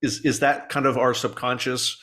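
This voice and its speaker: A man hosts a podcast and asks the guest questions. He talks in a casual, halting way as he feels his way through each question. His voice sits at a medium pitch. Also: little pitch movement, bright, forceful tone. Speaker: podcast host.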